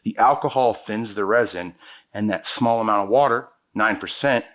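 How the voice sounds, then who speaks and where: A man's voice: lowish voice, moderate pace, a bit bright. A man teaching an epoxy pour as the show's host. He talks to viewers in an enthusiastic, slangy way while he works. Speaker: epoxy countertop instructor. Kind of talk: hands-on product demonstration.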